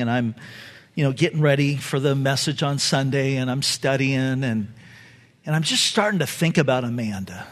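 A middle-aged pastor delivering a sermon in a church, his voice sitting high for a man. He talks in a relaxed, storytelling way, with asides and quick laughs. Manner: storytelling, conversational with laughs and emphatic retellings. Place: church sanctuary.

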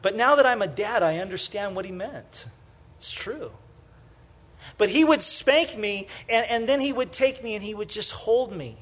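High-voiced man preaching conversationally. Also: normal speed. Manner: conversational preaching, many "you know" fillers; shifts from lively storytelling to soft, hushed emphasis. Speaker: pastor. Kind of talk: sermon.

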